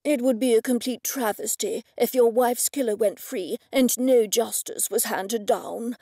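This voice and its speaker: A woman voicing a formal, precise gentleman who speaks in a measured, lecturing way. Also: fairly high pitch, no room sound, clean studio sound.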